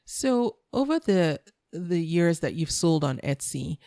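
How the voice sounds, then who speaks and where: A woman's voice: lowish voice, sing-song, takes it slowly, dark tone, no echo, clean studio sound. A woman hosting a podcast interview, chatty and conversational, often restarting her sentences. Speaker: podcast host. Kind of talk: casual interview chat.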